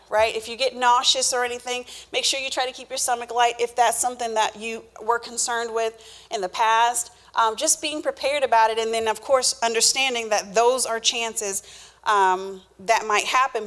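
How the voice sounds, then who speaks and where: A woman's voice: fairly high pitch, fairly bright tone. A woman answering health questions in an informal Q&A, explaining step by step with fillers and small restarts. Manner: explanatory, many fillers and restarts, acts out the body talking.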